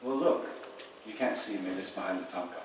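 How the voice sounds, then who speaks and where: A man's voice: low voice, fairly quick. A man giving a casual Buddhist dharma talk, chatty and joking, with many asides and fillers. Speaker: Buddhist teacher. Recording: very echoey hall, distant mic, noisy.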